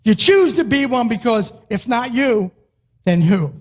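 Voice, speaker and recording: An older man with a notably high-pitched voice speaks to an audience in a motivational talk. He repeats his key phrases with emphasis and now and then rises to a shout. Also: sing-song, measured pace. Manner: emphatic, repetitive, rising to a shout on key lines.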